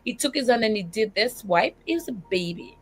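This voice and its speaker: A woman tells her story as a single mother with animated feeling, tearing up as she goes. She often stumbles and restarts her sentences. Faint music plays softly behind her. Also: a little high, a little fast. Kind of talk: emotional testimony in a faith talk show.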